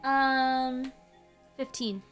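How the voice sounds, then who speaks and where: A woman's voice: high-pitched, fairly even intonation, extremely slow, a bit bright, faint music behind. A woman playing a tabletop game who talks in an uncertain, giggly way, full of likes and ums. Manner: giggly, uncertain, filler-heavy. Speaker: player. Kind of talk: casual tabletop play.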